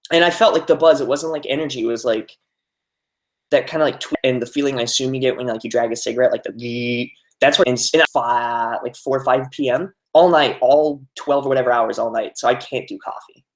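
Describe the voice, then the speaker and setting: A man's voice: mid-range voice, steady tone, a little fast. A young man chatting casually on a live stream, reading out viewer comments, with many fillers. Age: young adult. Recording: roomy echo.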